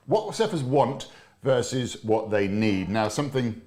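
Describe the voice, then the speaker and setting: A man's voice: mid-range voice, animated, a little slow, darkish tone. Upbeat man hosting a live stream. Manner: upbeat, chatty, repeats himself. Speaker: livestream co-host. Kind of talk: casual live-stream chat. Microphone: lapel mic.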